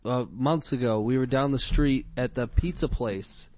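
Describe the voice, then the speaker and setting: A man's voice: medium pitch, normal speed, a little mellow. A man co-hosting a casual comedy chat, rambling and laughing often.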